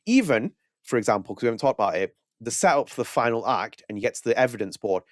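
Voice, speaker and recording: A male podcast co-host reviews a game in casual chat at a rapid clip. He rambles with restarts and acts out his own reactions in quotes. His voice sits mid-range and sounds dry and close. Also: mid-range voice, lively intonation, no room sound.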